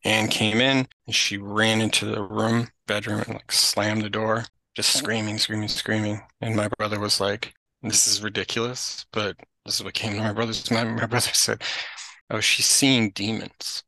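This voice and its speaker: Man, young adult, casual chatty storytelling, gravelly, dry sound. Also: fairly low pitch, moderate pace, hardly any pauses, no echo, rough recording. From Greek family background. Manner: chatty, lots of "like", animated retelling. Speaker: podcast guest, family caregiver.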